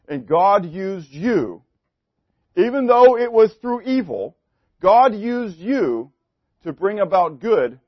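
A man delivers a sermon in a slightly high voice. He swings between loud, pointed emphasis and hushed asides and keeps putting questions to his listeners. The recording is dry and a little dull. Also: dry recording. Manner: asks the congregation questions. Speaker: pastor.

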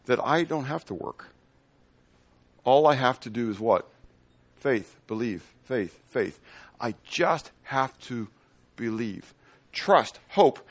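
Lively, animated man preaching. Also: medium pitch. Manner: animated, asks the room questions and acts out little scenes. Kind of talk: sermon teaching with questions to the congregation.

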